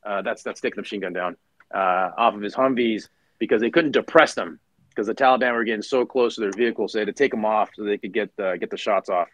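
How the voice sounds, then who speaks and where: A man's voice: lowish voice, quick pace, no echo, rough recording. A middle-aged man, a retired Marine officer, telling war stories as a podcast guest, acting out other people's lines, swearing casually, with lots of fillers and restarts. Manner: animated storyteller who acts out others' lines, many fillers and restarts. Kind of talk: storytelling interview.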